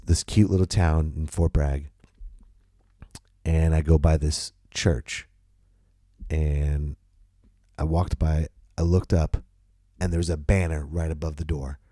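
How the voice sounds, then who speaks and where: A man's voice: rumbling low, mellow, no room sound, clean studio sound. A man hosting his own podcast, telling a personal story in a casual, emphatic way, swearing and repeating himself for effect. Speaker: podcast host and comedian.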